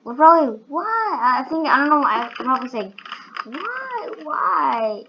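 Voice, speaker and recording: A woman giving excitable, giggly commentary over her own gameplay, full of sudden exclamations. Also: high-pitched, a little fast, highs cut off, a little hiss or hum. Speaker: gaming channel host.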